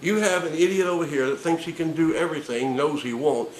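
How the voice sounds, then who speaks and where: A man's voice: a little high, a little fast. Man ranting profanely in an echoey room. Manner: sarcastic, emphatic, swearing. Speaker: comedian. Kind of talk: profane comedic rant.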